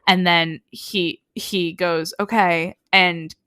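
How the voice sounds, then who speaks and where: A woman's voice: lowish voice, slow pace, smooth, no room sound, studio quality. A woman co-hosting a podcast in casual chat, retelling a romance novel's plot and acting out the characters' lines. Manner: animated storytelling, acting out character quotes. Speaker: podcast co-host.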